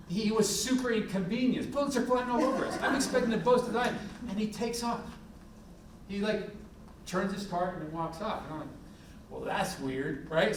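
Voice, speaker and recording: A middle-aged man, a police chief, giving a candid, animated talk full of anecdotes in a university event hall. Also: sits high, slight background noise. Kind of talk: public talk with war stories. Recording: echoey hall from a distant mic.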